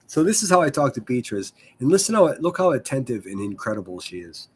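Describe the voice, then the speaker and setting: A man's voice: medium pitch, very animated, fast talker, slight background noise. A man hosting a casual livestream, rambling and swearing freely as he chats with viewers. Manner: profane, rambling, self-deprecating. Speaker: livestream host.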